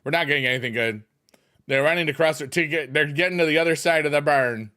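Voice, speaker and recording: A middle-aged man streams a mobile game, talking fast in a fairly high, sharp voice. He chats casually and goofily with his viewers and breaks into silly chicken noises.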